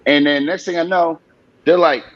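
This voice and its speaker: A man's voice: on the high side, steady tone, normal speed. A man hosting a casual podcast, telling a story full of profanity, often laughing and acting out other people's voices. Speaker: podcast host. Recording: slightly dull lo-fi sound.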